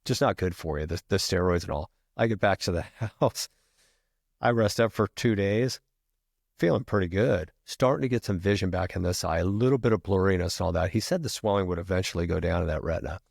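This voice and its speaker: A middle-aged retired firefighter telling a long story as a podcast guest, casual and profane, peppering every sentence with "freaking". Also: male voice, low-pitched, fairly quick, gravelly, dry recording, clean studio sound.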